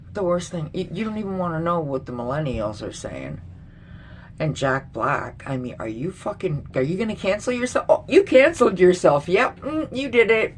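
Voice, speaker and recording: A woman's voice: on the low side, a little hiss or hum. Blunt, profane woman ranting. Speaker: vlogger. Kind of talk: casual ranting commentary.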